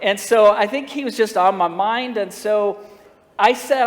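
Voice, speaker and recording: A man's voice: high-pitched, normal speed. A man preaching a storytelling sermon, folksy and humorous, acting out the dialogue of his story. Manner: folksy, humorous, acts out dialogue, laughs at own jokes. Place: church sanctuary. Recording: long reverb of a church sanctuary.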